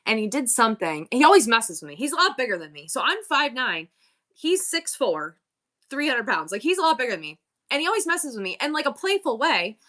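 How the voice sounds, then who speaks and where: A woman in her forties runs a live-selling stream, her voice on the high side, very animated, fairly quick and sharp. She chats candidly with live viewers and rambles her way through stories.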